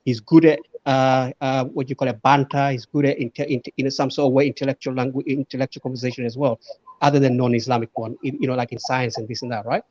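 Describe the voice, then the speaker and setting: A man's voice: medium pitch, level tone, a little mellow, no room sound. A man talks in a loose, stop-start way, often circling back over his own words. His audio is dry and muffled, like a call line. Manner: halting, repeats words, chatty. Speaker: panelist. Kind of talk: casual online debate.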